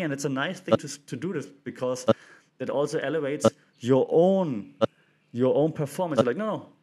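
Enthusiastic man talking basketball. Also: medium pitch. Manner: enthusiastic, acts out quotes in livelier voice. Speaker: podcast host. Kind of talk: casual commentary.

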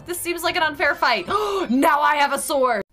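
A woman streamer giving live gameplay commentary, excitable, often gasping, squealing and swearing when something surprises her. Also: high-pitched, moderate pace.

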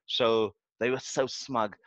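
A man from Cape Town with a South African accent speaks at a medium pitch and slow pace as a podcast guest. He tells a story casually and animatedly, acting out what people said. The recording has no room sound and its highs are cut off.

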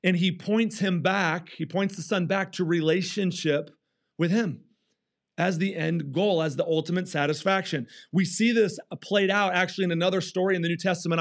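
A male pastor preaching a sermon in church, acting out quoted complaints with restarts and fillers. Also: high voice. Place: church stage.

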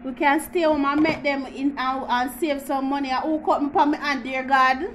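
A woman's voice: high voice, fairly even intonation, normal speed, a little hiss or hum, poor audio. A woman with a Jamaican accent hosting a casual home how-to vlog, chatty and teasing, with frequent laughs. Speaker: YouTuber.

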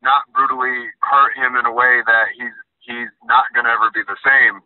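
A man talking casually on a podcast about martial arts, reflective and a little halting. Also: mid-range voice, level tone, no echo. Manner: reflective, halting, repeats words. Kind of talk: casual conversation. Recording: dry, tinny phone-like line.

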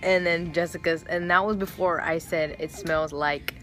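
A young woman with a lowish voice chats into a handheld camera for her vlog. She rambles from one thing to the next and swears as freely as she breathes. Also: steady tone, moderate pace, fairly bright tone, faint music behind. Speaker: vlogger. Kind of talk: casual vlog chat.

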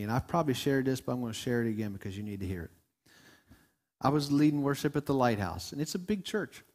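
A middle-aged man preaching a sermon to his congregation in a conversational way, repeating words, restarting sentences and asking the listeners questions. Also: a little high. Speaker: pastor. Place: church sanctuary before a congregation.

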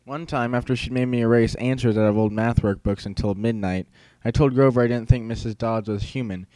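A man's voice: medium pitch, fairly even intonation, fairly quick, a little mellow, no room sound. Brief: male audiobook narrator, wry first-person teller, dry close sound.

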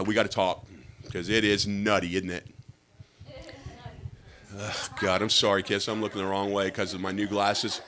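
A middle-aged man performing a chatty stand-up comedy set on a club stage. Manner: lively, chatty, jumps into high-pitched voices for bits.

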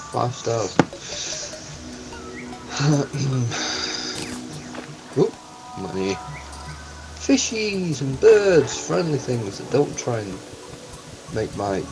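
With vocal fry in his fairly low voice and poor audio overall, a gaming channel host does let's-play commentary over game music. He's easily excited, yelping and exclaiming at what happens in the game.

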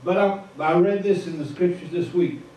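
A man's voice: sits high, normal speed, muffled recording. A man with a Midwestern American accent preaching an informal sermon in a church, telling the story in a folksy way and chuckling at his own asides. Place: church sanctuary. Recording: echoey room, far from the mic.

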